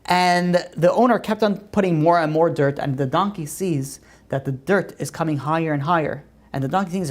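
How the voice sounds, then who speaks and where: A woman teaching a religious class and telling stories in a conversational way. Her pitch rises on emphatic questions. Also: normal speed, hardly any pauses, darkish tone.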